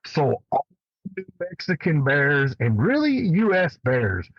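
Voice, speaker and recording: A man telling a hunting story in a casual, animated way, swearing freely. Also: a little high, slow, no room sound, dull audio. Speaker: guest elk hunter.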